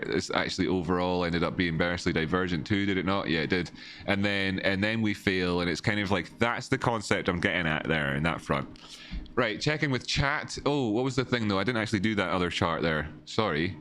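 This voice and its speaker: Rambling deep-voiced man. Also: fairly bright tone. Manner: rambling, repeats words, chats with viewers. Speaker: livestream market analyst. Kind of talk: casual live-stream chart analysis. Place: home.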